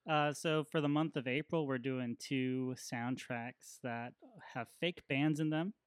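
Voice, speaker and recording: A man's voice: mid-range voice, smooth, no room sound. Male guest talking casually on a podcast, mid voice, dry close sound. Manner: relaxed, halting with fillers as he explains.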